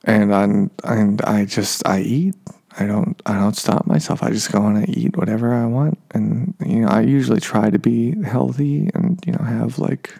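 Gravelly, husky-voiced man rambling casually. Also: on the low side, moderate pace, warm tone. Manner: meandering, filler-heavy, self-deprecating. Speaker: podcast host.

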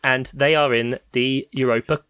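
A man's voice: mid-range voice, fairly even intonation, normal speed, a bit bright, clean tone, no echo, clean studio sound. Playful man hosting a podcast quiz. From England. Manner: playful, teasing, reads out answers. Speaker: quiz host.

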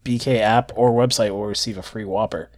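A man's voice: on the low side, steady tone, fairly quick, darkish tone. A man co-hosting a casual podcast, joking and reading items aloud in a mock-promotional way. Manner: joking, reads product details in a mock-promo way. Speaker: podcast co-host. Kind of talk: casual chat.

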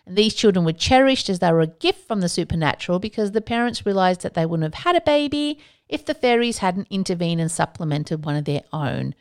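A woman's voice: on the low side, expressive, a little fast. A woman hosting a solo podcast, talking casually with playful asides and self-mocking jokes. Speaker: podcast host.

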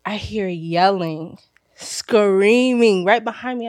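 A woman on a casual podcast chat, telling a lively story and acting out the voices of the people in it. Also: medium pitch, unhurried, dry recording, clean studio sound. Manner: animated storyteller, acts out quoted voices.

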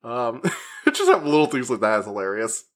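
A man giving a casual, rambling spoken movie review, chatty and full of fillers, who acts out the characters' lines in quick put-on voices. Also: mid-range voice, huge pitch swings, fairly bright tone. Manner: rambling, with frequent fillers and restarts. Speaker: media reviewer.

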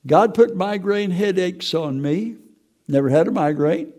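An older man with a gravelly voice giving a personal, emotional testimony, telling stories and stumbling over repeated words. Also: sits high, animated, measured pace, a little mellow. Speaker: testimony speaker.

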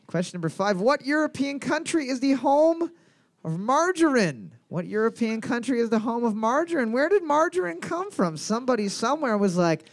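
A man's voice: very high-pitched, sing-song, moderate pace, no room sound. A man hosting a trivia night, reading each question twice and joking between rounds. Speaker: trivia quiz host.

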